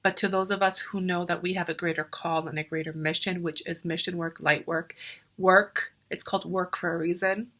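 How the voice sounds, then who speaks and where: A young woman reads tarot cards for her viewers in a casual, earnest talk. Her voice is crisp and bright, sitting a little low in pitch. She speaks directly to the listener and sometimes pauses to hunt for a word. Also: fairly even intonation. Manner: earnest, addresses viewers directly, searches for words mid-sentence. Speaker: spiritual coach and tarot reader. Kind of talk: casual spiritual tarot reading to camera.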